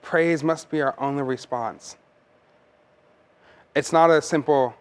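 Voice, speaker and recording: A man's voice: a little high, slow, pauses often. A man preaching a sermon as pastor, earnest and conversational, often repeating words as he goes.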